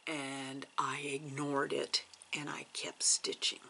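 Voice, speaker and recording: A woman tells a story slowly for her vlog, her low-leaning voice carrying a gravelly edge. Her tone is bright, and she drops into hushed asides for drama. A faint noise hums behind her. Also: animated. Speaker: cross stitch vlogger.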